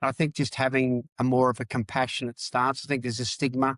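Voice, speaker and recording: A man's voice: medium pitch, little pitch movement, brisk, few pauses, a bit bright, dry recording. A middle-aged man from Australia, a podcast guest, talking candidly and emphatically, repeating phrases and swearing. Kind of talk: candid interview talk.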